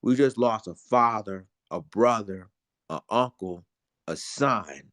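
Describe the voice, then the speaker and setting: A man's voice: lowish voice, slow pace, fairly bright tone, dry recording, studio quality. A man vlogging emotional commentary, indignant and repetitive, talking straight to his viewers.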